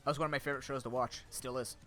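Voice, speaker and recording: Here the same kind of speaker, a young male streamer and content creator with a sore throat, speaks very fast in a medium pitch with fairly even intonation and a fairly bright tone. He addresses his chat and friends off-mic in loose, rambling live-stream banter packed with fillers and restarts, while faint music plays behind him.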